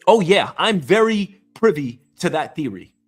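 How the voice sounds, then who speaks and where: A man's voice: fairly high pitch, very animated, measured pace, breathy edge, soft background music. A man hosting his own show from home, delivering an angry, profane, emphatic rant. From New York City. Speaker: host. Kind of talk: ranting commentary.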